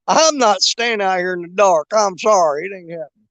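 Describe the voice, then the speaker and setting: Older guy fishing outside, high voice, loose jokey rambling, dry close sound. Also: moderate pace, a bit bright, no room sound, muffled recording. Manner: jokey and rambling, laughs a lot. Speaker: fishing channel host. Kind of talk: casual live-stream chat. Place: outdoors at a creek.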